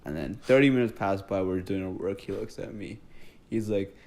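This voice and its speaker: A young man co-hosting a podcast, telling stories in a casual, animated way and swearing often. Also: low voice, normal speed. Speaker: podcast co-host. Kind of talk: casual chat.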